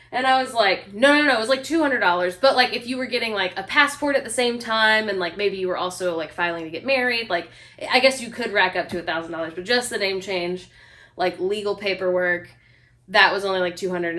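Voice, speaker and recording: A woman vlogger chatting casually, telling a story full of fillers and quoting people in a higher voice. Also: pushed and bright. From United States. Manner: chatty, lots of fillers, mimics other speakers with a higher voice.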